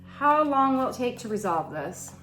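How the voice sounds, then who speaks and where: A woman's voice: fairly high pitch, big pitch swings, moderate pace. A middle-aged woman doing a casual tarot reading, talking frankly and swearing as she thinks aloud. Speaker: tarot reader. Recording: roomy echo with soft music behind.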